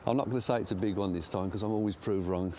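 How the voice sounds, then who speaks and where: A man's voice: on the low side, fairly even intonation, fast talker, darkish tone, slight background noise. An older man, giving chatty, self-mocking commentary outdoors by a lake while he fishes. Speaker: angler presenter. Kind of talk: casual commentary while fishing.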